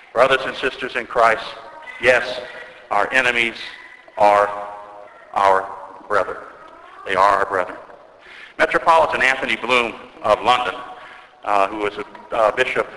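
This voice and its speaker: A man preaching an earnest sermon as an Orthodox priest, telling a story and slowing down to stress key words. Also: lowish voice, bright, forceful tone. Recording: echoey church with long reverb.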